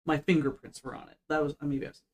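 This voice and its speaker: Animated woman telling a self-mocking story. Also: deep voice, rapid-fire. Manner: animated, self-mocking, acts out her own past lines. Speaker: podcast co-host. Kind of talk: casual storytelling chat.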